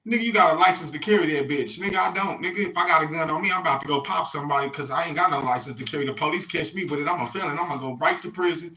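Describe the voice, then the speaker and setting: A man's voice: a little high, racing, hardly any pauses, sharp tone, poor audio. A man talking to his viewers in a loose, rambling monologue, swearing freely and repeatedly checking in with "you hear me". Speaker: vlogger.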